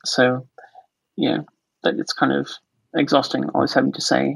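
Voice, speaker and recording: A casual podcaster in their forties, from the United States, with an accent blended from American and Australian speech. The voice is gravelly and a little husky, and it rambles, jokes and fills gaps with ums. The sound is dry and close. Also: medium pitch, fairly even intonation, moderate pace, no echo, low-quality recording. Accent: mixed American and Australian. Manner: rambling, joking, lots of fillers. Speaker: podcast co-host.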